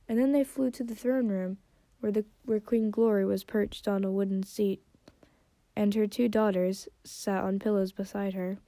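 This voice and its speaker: A woman's voice: mid-range voice, mellow, no room sound. A woman casually reading her fan fiction aloud, stumbling and correcting herself.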